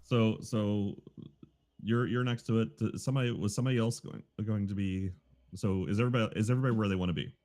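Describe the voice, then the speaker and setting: A low-voiced man narrates a tabletop game as dungeon master. He stops and restarts his sentences as he describes what the players see. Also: steady tone, a little mellow. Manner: halting, restarts mid-sentence while describing.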